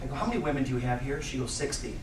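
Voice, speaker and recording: A man giving a motivational keynote speech to a live audience, energetic and acting out bits of dialogue. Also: mid-range voice, very fast. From United States. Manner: energetic, acts out dialogue in voices. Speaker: motivational speaker. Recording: echoey room from far off, noisy.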